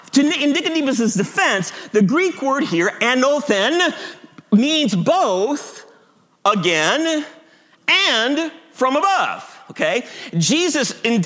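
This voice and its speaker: Brief: male pastor preaching, high bright voice, emphatic, repeats key lines. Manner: emphatic, repeats key phrases, chuckles at himself. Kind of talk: sermon.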